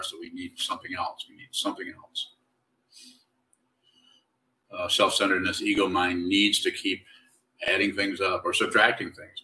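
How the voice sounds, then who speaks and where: A man giving a slow, halting, reflective dharma talk as a Zen teacher, in a slightly whiny tone. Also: low-pitched, bright, forceful tone. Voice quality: self-described whiny tone. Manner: slow, halting, reflective delivery with many restarts. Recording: distant mic.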